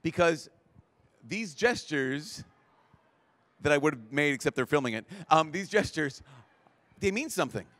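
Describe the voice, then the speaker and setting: A slightly high-voiced priest speaks a little slowly with frequent pauses, in a dry recording. Giving a talk to a large live crowd, he animatedly acts out the people in his stories and stumbles over restarts in excited moments.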